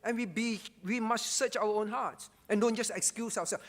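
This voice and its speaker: Male pastor, high-pitched, emphatic sermon delivery with repeated phrases, long church-hall reverb. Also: steady tone, moderate pace, few pauses. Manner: emphatic, repeats key phrases, frequent rhetorical "all right?".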